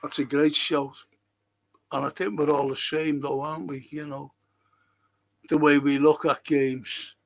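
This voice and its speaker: A man with a gravelly, high-side voice speaks in a flat delivery at a measured pace, with long pauses. Hosting a fan live stream, he reads out viewer comments and answers them bluntly and with exasperation, swearing often, in a casual chat.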